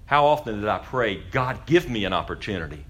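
A pastor preaching a sermon to his church, asking pointed rhetorical questions and swinging between loud emphasis and quiet asides. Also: fairly low pitch, lively intonation, a little fast. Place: church during a service.

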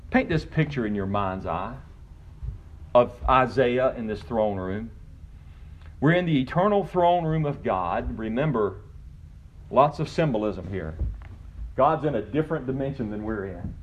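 A man's voice: mid-range voice, lively intonation, unhurried, pauses often, muffled recording. A man pastor preaching a sermon, building to emphatic, rising passages.

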